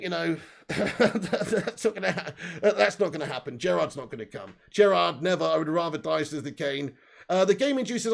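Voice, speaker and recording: A man's voice: on the high side, creaky. A man hosting a live fan stream, reading viewer comments in loose, sweary casual chat. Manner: loose, sweary, laughs often. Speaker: fan channel host.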